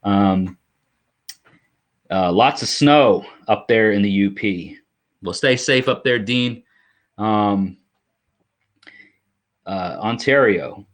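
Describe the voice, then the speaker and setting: A man's voice: on the low side, takes it slowly, long pauses. A man hosting a casual live stream from his home workshop. He chats with viewers, greets them by name and fills the gaps with lots of "um" and "uh". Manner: chatty, greets viewers by name, many fillers.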